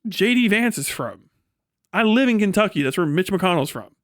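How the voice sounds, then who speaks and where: A man from Ohio with a high voice holds forth on a live stream. He swears freely, gets heated and breaks into laughs. The sound is dry and close. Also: expressive, normal speed, no room sound. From Ohio, USA. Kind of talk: casual ranting monologue.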